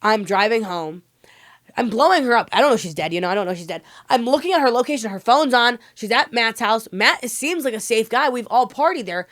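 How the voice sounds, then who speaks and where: A woman guest on a podcast, telling her story candidly in an emotional, rapid way, full of "like" fillers and swearing. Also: on the high side, expressive, a bit bright.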